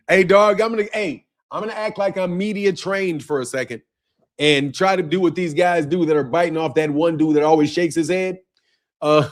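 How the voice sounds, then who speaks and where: High-voiced, profane boxing streamer. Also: male voice, fairly quick. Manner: profane and animated, greets chat viewers by name. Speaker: boxing channel host. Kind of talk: casual livestream chat.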